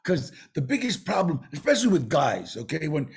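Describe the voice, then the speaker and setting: Husky guy with a kinda high voice, rambling street-slang stories, lots of restarts. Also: brisk. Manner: rambling, animated storyteller with many restarts. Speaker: guest. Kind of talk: casual storytelling in an interview.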